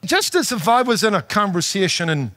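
A man's voice: high voice, big pitch swings, fairly quick, sharp tone, slight background noise. A middle-aged man with an Irish accent preaching a sermon in a conversational way, with rhetorical questions and light humor. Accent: Northern Irish. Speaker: pastor.

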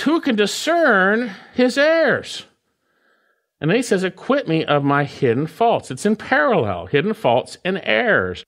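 A man's voice: a little high, fairly bright tone. A man preaching an expository sermon, explaining word meanings and repeating key phrases with emphatic stress. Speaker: pastor.

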